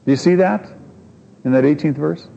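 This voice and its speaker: A man's voice: on the high side, normal speed, gravelly, warm tone. A man preaching a sermon in an earnest, emphatic way, asking his listeners rhetorical questions. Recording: muffled recording in a reverberant hall.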